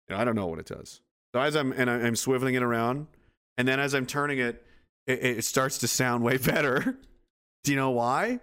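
Dude on a livestream, swears a lot, sarcastic and rambly, mid pitch. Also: male voice, fairly quick, a bit bright, clear, resonant tone. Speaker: livestream host. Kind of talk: casual livestream chat.

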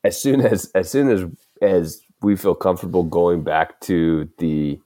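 A man's voice: low-pitched, measured pace, dark tone, no echo, studio quality. A male podcast host chatting casually and in a laid-back way, with lots of fillers and chuckles.

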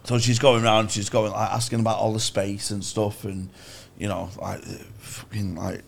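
A man's voice: lowish voice, flat delivery, normal speed, gravelly. A young man telling a sweary, self-mocking story as a podcast co-host, laughing often. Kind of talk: casual storytelling chat.

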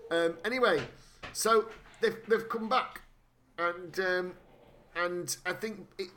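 A man from Britain co-hosting a casual film chat, animated and sweary, who often restarts his sentences. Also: high-pitched, slow pace, slight background noise.

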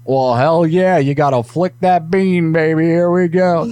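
A man's voice: a little high, steady tone, a little slow. A man hosting a live comedy show, bantering loosely and crudely. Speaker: host.

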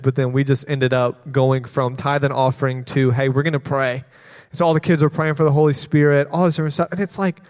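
A fairly high-voiced man preaching to a congregation, bouncing between stories and playful kid impressions. His voice rings out with a long hall reverb behind it. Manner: animated storytelling with quoted voices and laughter. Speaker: children's pastor. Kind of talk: sermon testimony. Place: church sanctuary.

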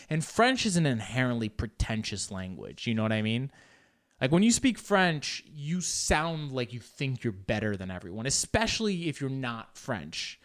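A man's voice: mid-range voice, expressive, normal speed. A young man hosting a show alone, rambling in casual, profane, self-mocking chat. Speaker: podcast host.

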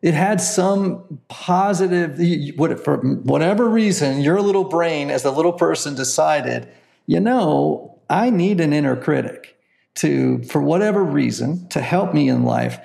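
A man with a heavily gravelly, slightly raised voice talks as an interview guest. He explains his ideas earnestly, often checking in with "right?". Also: on the high side, animated, measured pace, darkish tone. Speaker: guest, counselor and author. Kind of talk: conversational interview.

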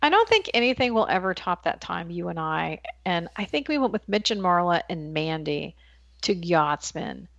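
A woman's voice: lowish voice, very animated, normal speed, vocal fry, no echo, highs cut off. A woman co-hosting a casual podcast chat, playful and teasing. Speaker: podcast co-host.

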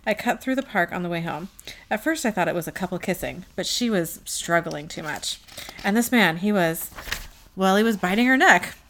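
A woman reading aloud the lines of a wary middle-aged man who saw a vampire, in a plain and slightly soft voice. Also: lowish voice, animated, moderate pace, slight background noise. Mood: storytelling.

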